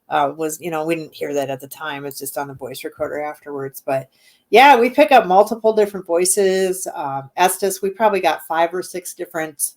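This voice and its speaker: A woman owner of a haunted venue, chatting casually as a guest and rambling with many ums. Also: deep voice. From Midwestern United States. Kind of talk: casual interview chat.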